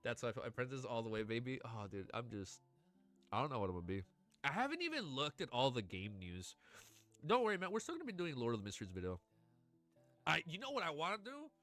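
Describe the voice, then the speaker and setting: Male streamer with a bright, forceful voice and a stuffy nose, excitable and profane, faint music behind. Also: mid-range voice, quick pace. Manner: excitable, swears a lot, emotional. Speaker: livestreamer. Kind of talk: casual livestream reaction and reading aloud.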